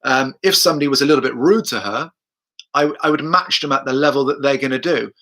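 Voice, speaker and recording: A man's voice: medium pitch, fast, pushed and bright. A man, a dog trainer, talking through his methods and answering viewers' questions on a live stream, chatty, repeating himself and speaking the dog's thoughts aloud.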